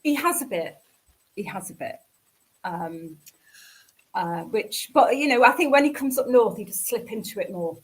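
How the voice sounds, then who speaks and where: A woman's voice: mid-range voice, animated, moderate pace, pauses often. A woman in her fifties with a northern English accent, chatting as a radio guest and telling stories with easy laughter. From north of England. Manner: chatty storyteller who laughs easily. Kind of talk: casual radio chat.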